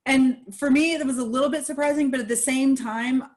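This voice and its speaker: A woman speaking candidly in a casual podcast conversation, animated and acting out the reactions of others. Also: high-pitched, brisk.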